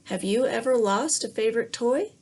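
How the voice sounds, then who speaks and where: A woman teacher reading a fairy tale to young children in a gentle way, pausing to ask the class questions. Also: on the high side. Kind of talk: read-aloud lesson for young children.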